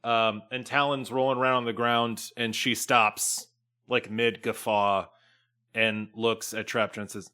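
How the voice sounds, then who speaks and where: A young man running a tabletop game, his voice bright and forward, with slow, deliberate pacing. He laughs easily between the lines of narration. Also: lowish voice, little pitch movement, clean tone. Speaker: game master.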